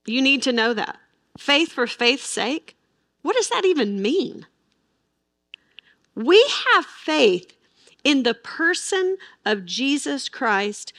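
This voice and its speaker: A woman's voice: high-pitched, fairly bright tone, no echo, studio quality. A middle-aged woman teaching the Bible with emphasis, asking her listeners rhetorical questions.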